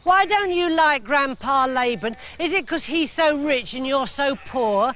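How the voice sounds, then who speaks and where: A man doing a loud, squeaky little boy. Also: lively intonation, unhurried, full character voice. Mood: cheeky. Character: young boy, loud precocious and cheeky. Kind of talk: storybook character voice.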